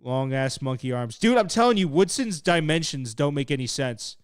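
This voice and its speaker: Young guy hosting a fight watch-along, slightly high voice, smooth and dry close sound, loose and excitable. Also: normal speed, no room sound. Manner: excitable and laid-back, swearing, laughing at chat. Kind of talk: casual live commentary while reading chat.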